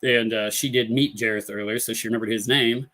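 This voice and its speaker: A man's voice: mid-range voice, fairly even intonation, a little fast, sharp tone. Rambling man hosting a live stream. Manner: rambling, many fillers and restarts. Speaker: paranormal talk show host. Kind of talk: casual live-stream chat. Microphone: computer mic on a live stream.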